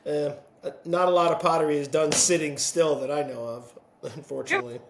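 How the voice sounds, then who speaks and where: A podcast host with a fairly high, steady voice talks a little fast over slight background noise, hosting a casual video-call chat from his home pottery studio. Friendly and chatty, he laughs often and slips into playful voices when quoting, with roomy studio echo around him.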